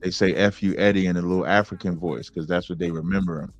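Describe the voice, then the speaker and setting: A man talking as a guest on a podcast, telling stories in a relaxed, drawn-out way. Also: low voice, dry recording, muffled recording. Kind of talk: casual podcast interview.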